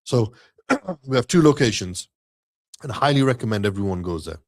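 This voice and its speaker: A man's voice: medium pitch, big pitch swings, moderate pace. A man co-hosts a live online show in a loose, conversational way. He rallies viewers and reels off sponsor plugs with growing enthusiasm. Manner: upbeat, rallying listeners, reading sponsor shout-outs. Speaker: co-host of an Islamic live stream. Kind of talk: casual live-stream chat.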